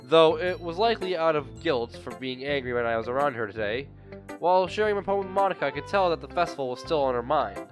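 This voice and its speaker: A man's voice: fairly high pitch, animated, fast, music in the background. Young man reading a game, sore throat. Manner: chatty, rambling asides. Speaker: gaming video creator. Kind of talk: reading a visual novel aloud with commentary.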